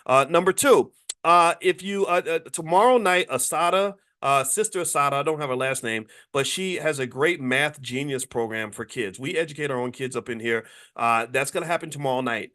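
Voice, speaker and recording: Man, 50s, motivational host, emphatic, repeats himself, somewhat high voice. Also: fairly bright tone. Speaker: host and finance educator. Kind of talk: motivational livestream talk.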